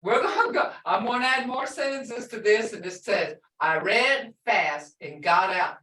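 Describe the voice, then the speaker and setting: Slow-talking woman teacher in echoey room. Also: medium pitch, expressive, pushed and bright, far from the mic, slight background noise. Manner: repeats phrases, explains words patiently. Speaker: language teacher. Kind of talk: classroom lesson.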